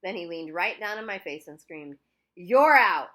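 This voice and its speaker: A woman reading a children's novel aloud in an expressive first-person narration. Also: fairly low pitch, fairly quick. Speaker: audiobook reader.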